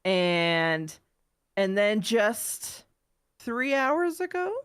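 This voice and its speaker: A woman's voice: mid-range voice, very animated, very slow, fairly bright tone, clean tone. A woman in her thirties with a cold, co-hosting a podcast and telling rambling stories in casual chat. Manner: chatty, rambling storyteller who laughs at her own mishaps. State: has a cold. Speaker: podcast co-host.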